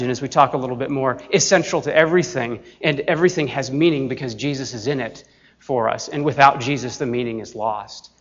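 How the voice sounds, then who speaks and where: A man preaching a sermon as pastor, earnest and emphatic, slowing down deliberately on key phrases. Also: fairly high pitch, lo-fi sound.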